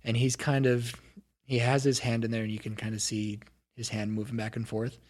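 A man's voice: medium pitch, flat delivery, fairly quick, darkish tone. Casual man narrating a tabletop game. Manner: casual, hedging with filler words. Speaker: game master.

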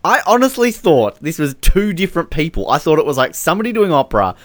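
A man's voice: a little high, sing-song, quick pace, dry recording. A man hosting a casual podcast chat, sarcastic and often laughing. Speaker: podcast host. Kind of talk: casual chat reviewing song contest entries.

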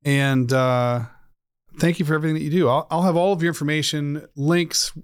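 A man's voice: a little high, fairly even intonation, a little fast, clean tone, dry recording, clean studio sound. A man hosting a podcast, talking earnestly and gratefully in a casual interview, with frequent fillers and restarts. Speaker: podcast host.

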